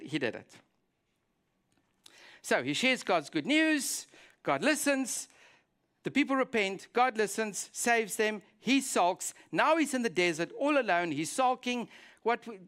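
A man preaching a sermon as a pastor, telling a Bible story and acting out the prayers in it. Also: high-pitched. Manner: animated storytelling, acts out quoted prayers.

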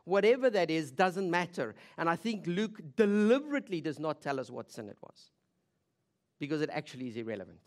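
A woman's voice: low-pitched, sing-song, a little fast. Woman preacher, vivid dramatic storytelling. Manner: vivid storytelling with rhetorical questions; swings between loud emphasis and quiet intensity. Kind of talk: sermon.

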